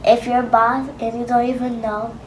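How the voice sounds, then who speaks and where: A woman's voice: a little high, flat delivery, normal speed, a little hiss or hum. A young woman in casual family banter, teasing and incredulous, recorded on a phone.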